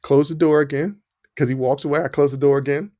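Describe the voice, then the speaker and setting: A man hosting a podcast, telling a personal story in a casual, animated way. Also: on the high side, quick pace, dry recording, clean studio sound. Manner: animated, acts out the quoted dialogue. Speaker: podcast host.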